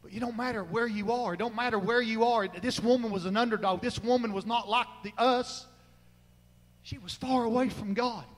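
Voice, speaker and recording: A male pastor preaching a fervent sermon, moving between shouted exhortation and quiet, low asides. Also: normal speed, long reverb tail, low-quality recording. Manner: fervent, swings from loud crying out to low murmurs. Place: church sanctuary.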